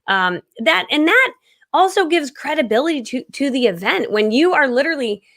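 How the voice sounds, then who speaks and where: A woman in her thirties hosting a live-stream coaching session, talking casually, loudly and energetically and laughing often. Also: high-pitched, very animated, normal speed.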